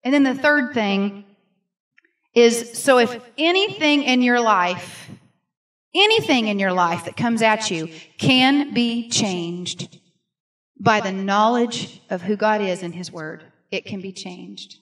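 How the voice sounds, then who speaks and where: A woman's voice: a little high, expressive, slow pace, a bit bright. A middle-aged woman from Missouri giving an earnest, emphatic personal testimony as a guest speaker at a church service. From Missouri, USA. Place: church sanctuary. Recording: voice picked up from a distance.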